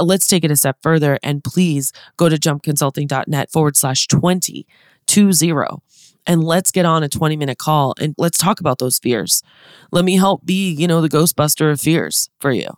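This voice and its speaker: A woman's voice: deep voice, no echo, clean studio sound. A woman in her thirties hosting a motivational podcast, talking to listeners in an upbeat, chatty, direct way. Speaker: podcast host and business consultant.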